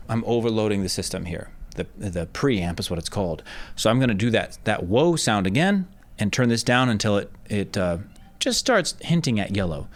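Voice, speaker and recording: A man's voice: lowish voice, animated, a little fast. A man explaining step by step how he records vocals, speaking into a handheld mic about a foot away in a treated studio. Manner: explains step by step, with loud sung test shouts. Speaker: music producer teaching recording. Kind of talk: casual tutorial demonstration. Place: treated home studio with curtains and rock wool. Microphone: handheld dynamic mic about a foot away.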